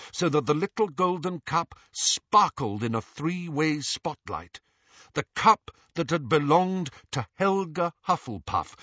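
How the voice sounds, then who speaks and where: Expressive male storyteller, bright and husky, very animated delivery. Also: mid-range voice, dry recording, highs cut off. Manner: expressive, voices each character. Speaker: audiobook narrator. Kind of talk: scripted narration.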